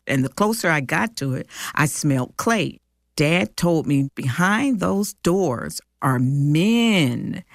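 A woman in her sixties from Detroit, slowly and warmly recalling her life in a heartfelt personal story. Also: on the low side, dry recording, clean studio sound. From Detroit, USA. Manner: slow, heartfelt, reflective. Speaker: storyteller interviewed by family. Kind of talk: personal recollection.

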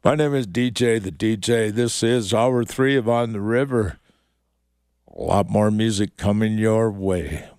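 Man radio DJ with a fairly low, gravelly voice, slow on-air patter, dry studio sound. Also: darkish tone, dry recording. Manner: unhurried, reads the forecast in short halting phrases. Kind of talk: radio DJ patter and weather forecast.

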